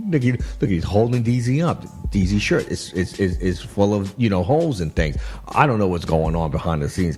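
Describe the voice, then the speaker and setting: A man hosting a radio talk show, commenting on clips in an animated, chatty way with frequent laughs and restarts. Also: medium pitch. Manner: animated, laughing, repeats himself. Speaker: radio host.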